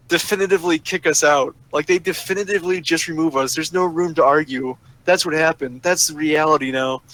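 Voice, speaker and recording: A man's voice: a little high, a bit bright, rough recording. Profane, ranting young-sounding man. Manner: profane, sarcastic ranting that flares up angry. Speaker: storyteller ranting about a roleplay server. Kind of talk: casual ranting monologue.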